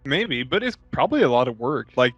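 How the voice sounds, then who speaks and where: A man's voice: mid-range voice, big pitch swings, fairly bright tone, slightly rough, no echo, highs cut off, soft background music. A man co-hosting a podcast, riffing loosely on a movie and swearing casually while he talks. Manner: loose, sweary, quick to riff. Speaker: podcast co-host. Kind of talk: casual movie chat over beer.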